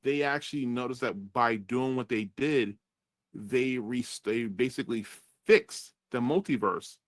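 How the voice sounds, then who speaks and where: A man's voice: medium pitch, a little slow, no room sound. A man reviewing a movie in casual chat, rambling and swearing as he retells scenes. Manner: rambling, profane, acts out characters' lines.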